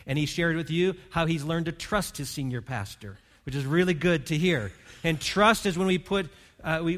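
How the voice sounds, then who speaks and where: A man's voice: on the high side, a bit bright. A man preaching a sermon as pastor, earnest and pastoral, leading his congregation in prayer and reading. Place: church hall.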